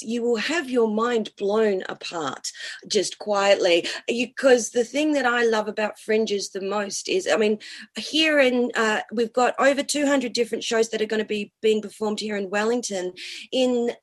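A woman's voice: on the high side, a little slow. A woman, a cabaret and burlesque performer, talking enthusiastically as a guest in a radio interview, piling up long lists.

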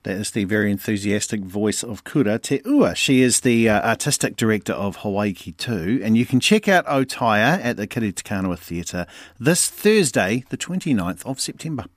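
A man hosting a radio show, interviewing a guest with expressive, swooping delivery. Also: moderate pace, dry recording. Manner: expressive, warm-hearted interviewer with swooping pitch. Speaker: radio host. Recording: dry studio mic with faint music.

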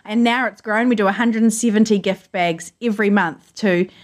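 A woman's voice: mid-range voice, moderate pace. A woman, a journalist telling personal stories in an earnest, emotional way during an interview from her home. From New Zealand. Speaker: journalist guest. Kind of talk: remote interview, personal storytelling.

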